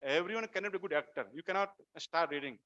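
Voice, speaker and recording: A man with an Indian English accent giving an animated devotional lecture on scripture, asking his listeners rhetorical questions. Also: a little high, fast, highs cut off. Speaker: temple speaker.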